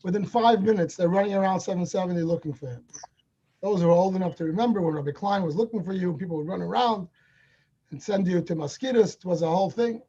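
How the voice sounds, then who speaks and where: A man telling a story at a Hasidic gathering in an animated way, acting out the dialogue as he goes, heard over a video call. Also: sits high, fast talker, highs cut off, slight background noise. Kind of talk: storytelling talk.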